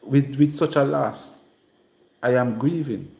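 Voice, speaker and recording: A man's voice: mid-range voice, takes it slowly, creaky, a little mellow, roomy sound. A man from Jamaica with a Trelawny patois accent, chatting casually to viewers on his livestream and drifting between patois and English. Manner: rambling, mixes patois and English. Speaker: livestream host.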